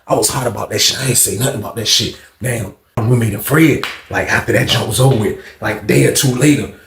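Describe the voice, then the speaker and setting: A man's voice: mid-range voice, fast talker, vocal fry, background noise. A man telling a long casual story to his viewers in a loose, rambling way, often checking that they follow. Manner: loose, rambling, keeps asking if you follow. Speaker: storyteller recounting jail life. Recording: echoey room.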